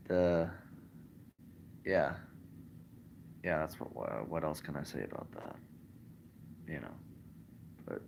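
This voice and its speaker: A man's voice: sits low, creaky, a little hiss or hum, rough recording. A young man rambling casually with lots of fillers, livestreaming from his bed. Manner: meandering, many fillers. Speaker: vlogger. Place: in bed at home.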